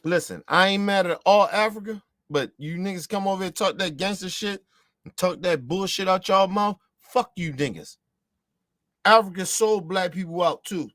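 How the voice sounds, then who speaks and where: A man's voice: high-pitched, normal speed, fairly bright tone, no room sound, studio quality. A man from the United States delivering a heated, profane, repetitive ranting monologue as a show host.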